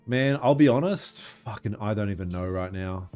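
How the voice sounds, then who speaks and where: A man's voice: lowish voice, moderate pace, darkish tone, faint music behind. A young man, chatting casually and swearing while he trades live on stream. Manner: laid-back, swears casually, reacts and laughs at clips. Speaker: livestream trading host. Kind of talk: casual livestream chat.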